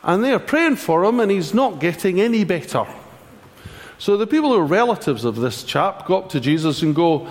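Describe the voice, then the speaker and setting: A man giving a sermon, conversational and animated, with wry asides. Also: high voice, a little fast, in a large hall. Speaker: preacher.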